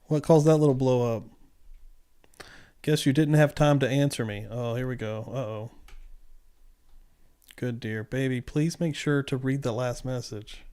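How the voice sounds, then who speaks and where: A man's voice: mid-range voice, unhurried, pauses often, warm tone, clean tone. Man reacting casually on a livestream. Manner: reads texts aloud, then reacts with blunt asides. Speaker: livestream host reacting to trial clips. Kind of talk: casual live commentary reading messages aloud.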